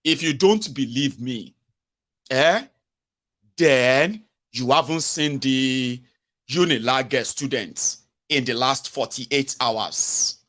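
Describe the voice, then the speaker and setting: A man's voice: medium pitch, slow pace, a bit bright. A Nigerian man with a Pidgin English accent, giving sarcastic, exasperated political commentary. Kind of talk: ranting video commentary.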